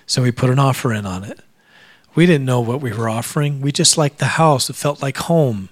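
A man's voice: medium pitch, a little fast, dry recording. A middle-aged man preaching a sermon, telling a personal testimony and growing emotional, sometimes dropping to a near-whisper. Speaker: pastor.

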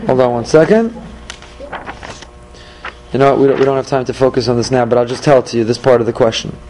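A man teaching a Torah class, animated, asking questions and answering them himself. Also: mid-range voice, quick pace, a little hiss or hum, poor audio.

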